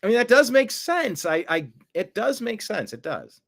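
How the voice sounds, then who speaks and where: Animated joking male commentary host. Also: sits high, normal speed, creaky. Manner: animated, jokey, mimics voices, reads viewer comments. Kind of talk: casual political commentary.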